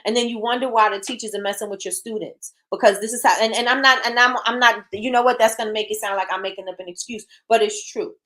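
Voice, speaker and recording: Her voice is fairly high and a bit bright, with fairly even intonation, a quick pace and few pauses. As host of a casual talk show, she offers frank, blunt opinions, reads out and answers viewer comments from the live chat, and repeats herself for emphasis.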